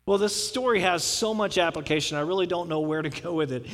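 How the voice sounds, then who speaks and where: High-pitched guy preaching, acts out little bits of dialogue, lots of reverb like a big church hall. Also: a little fast, hardly any pauses. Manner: animated storytelling with acted-out dialogue. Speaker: pastor. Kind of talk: sermon. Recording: long reverb from a large hall.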